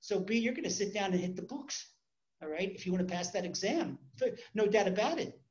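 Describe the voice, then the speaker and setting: Conversational rabbi, muffled recording. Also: male voice, high voice, animated, a little fast, darkish tone. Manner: conversational, repeats words, acts out stories. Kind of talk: Torah class.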